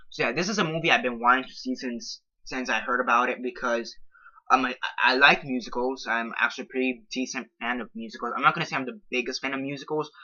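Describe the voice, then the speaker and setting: A man talks through a casual movie review in a very bright, sharp-edged voice. He rambles, stumbles on words and keeps circling back to filler phrases. The sound is dull and lo-fi. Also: mid-range voice. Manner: rambling, repeats "so yeah" with many ums.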